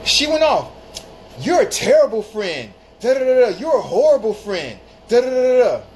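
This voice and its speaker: A man mimicking an upset woman friend, scolding in a shrill, indignant voice. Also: sing-song, normal speed, a bit bright, slight background noise, exaggerated voice.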